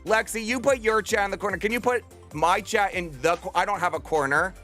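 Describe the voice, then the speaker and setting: A man's voice: high voice, pushed and bright, soft background music. Bubbly young male streamer. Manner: bubbly, affectionate, talks fast to chat. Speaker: livestreamer. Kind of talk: casual stream chat. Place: home room.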